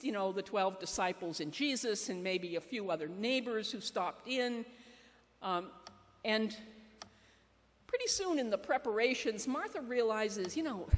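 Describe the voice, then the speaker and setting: A woman pastor preaching a sermon in a measured, conversational way, with fillers and pauses. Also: medium pitch. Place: church sanctuary. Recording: church hall reverb.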